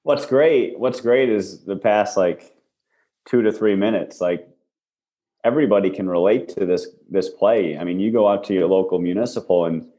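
A man's voice: on the low side, moderate pace, dark tone. A man co-hosting a casual podcast, talking bluntly and laid-back with casual swearing. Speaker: podcast co-host. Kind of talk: casual chat.

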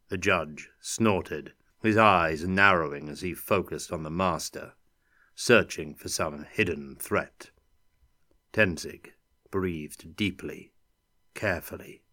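Slow, bright-voiced male narrator. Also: sits low, no room sound, clean studio sound. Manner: steady, unhurried, dramatic storytelling. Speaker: audiobook narrator. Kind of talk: scripted narration.

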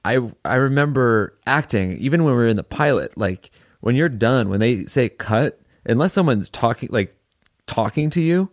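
A man's voice: medium pitch, animated, moderate pace, no room sound, studio quality. A young man chatting casually as a podcast co-host, rambling with lots of fillers and restarts. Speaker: podcast co-host and series director. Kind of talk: casual chat.

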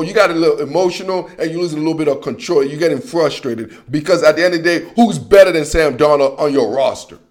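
Animated man with a slangy football rant. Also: a little high. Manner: animated, slangy, repeats himself, addresses people directly. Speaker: sports commentary host. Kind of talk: casual football opinion monologue.

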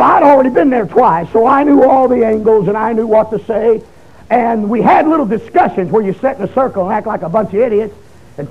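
A man preaching his testimony, emotional, swinging from shouts down to hushed low tones. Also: husky. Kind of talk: fiery testimony sermon. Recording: dull lo-fi recording.

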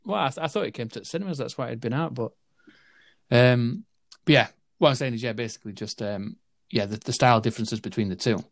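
A man's voice: mid-range voice, fast, gravelly, no room sound. Guy rambling about movies, lots of ums, dry close mic. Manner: rambling, lots of fillers and restarts. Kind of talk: casual film chat.

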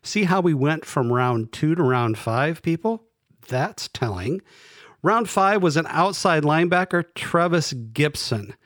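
A man's voice: a little high, lively intonation, unhurried, a bit bright, no room sound, studio quality. A man co-hosting a casual sports podcast, hesitant, often restarting his sentences while he reviews picks. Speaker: podcast co-host.

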